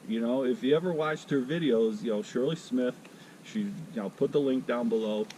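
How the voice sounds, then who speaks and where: A man in his fifties talking at an ordinary pitch in a casual, rambling vlog. He jokes and stops to correct himself, and a faint ambience hums behind him. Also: normal speed, warm tone, a little hiss or hum, poor audio. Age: 50s. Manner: rambling, jokey, self-correcting. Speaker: vlogger.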